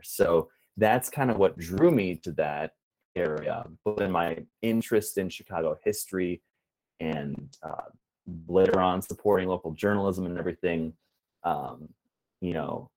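A man with a very deep voice talks as a guest on an interview show. He explains his hobby earnestly and at a measured pace, with frequent ums and uhs. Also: darkish tone, low-quality recording. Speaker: guest, preservationist and rail fan. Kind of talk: casual interview answers.

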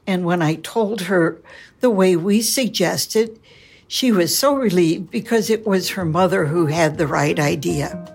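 A woman from a turkey advice hotline recounting a call and giving cooking advice in a calm, measured way. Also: fairly low pitch, gravelly, slightly rough. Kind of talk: anecdote and advice in an interview.

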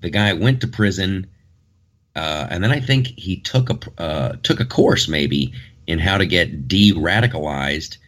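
Low-voiced man hosting a rambling podcast. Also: lively intonation, measured pace, a bit bright. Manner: rambling, joking, many restarts. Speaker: podcast host. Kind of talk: casual podcast chat.

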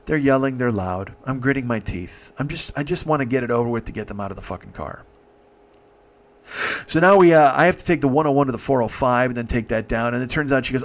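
A man telling a comic story in an exasperated, heavily profane way. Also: mid-range voice. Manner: exasperated, heavy swearing. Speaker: comedic storyteller.

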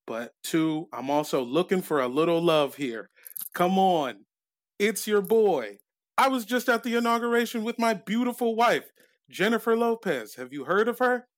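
A man with a fairly high voice co-hosts a relaxed comedy podcast. He reads joke letters dryly and keeps his chat loose. His manner stays easygoing. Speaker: podcast co-host.

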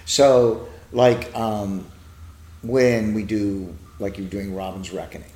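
A man's voice: fairly low pitch, steady tone, slow, dark tone. An older man, a TV writer, chatting as an interview guest, telling long rambling stories and acting out quotes. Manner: rambling storyteller who acts out quotes. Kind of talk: casual interview chat. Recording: echoey room.

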